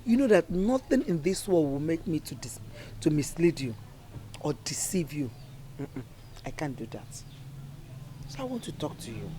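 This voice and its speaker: A woman's voice: sits low, big pitch swings, moderate pace, long pauses, mellow. An actress with a Nigerian accent playing a worried village mother who lectures and pleads earnestly. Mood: lecturing. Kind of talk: Nollywood film drama.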